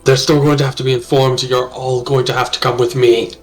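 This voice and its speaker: A man's voice: mid-range voice, level tone, brisk, faint music behind, lightly acted. A man voicing a large, stern bear-folk woman who leads the guards, barking orders.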